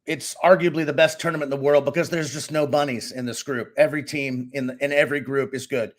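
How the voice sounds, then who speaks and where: A middle-aged man from Boston, co-hosting a casual sports podcast and giving opinionated, animated takes. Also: medium pitch, fast. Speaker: co-host and sports analyst.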